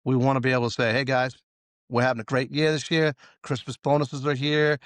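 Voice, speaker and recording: A man's voice: mid-range voice, level tone, fairly quick, dry recording. A man as a safety consultant guest, talking casually in an interview and telling stories with acted-out dialogue. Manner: storytelling, acts out quoted dialogue.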